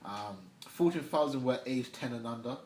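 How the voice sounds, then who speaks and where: A man's voice: mid-range voice, lively intonation, moderate pace, a little mellow. A young man hosting a news vlog, giving casual news commentary in a slangy, chatty way with offhand asides. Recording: echoey room, faint background noise.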